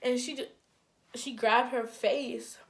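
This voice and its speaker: A young woman from Minnesota, casually telling a personal story to camera, animated and full of "like", acting out what people said. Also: on the high side, takes it slowly. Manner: animated, heavy use of "like", acts out quotes. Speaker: storytime vlogger.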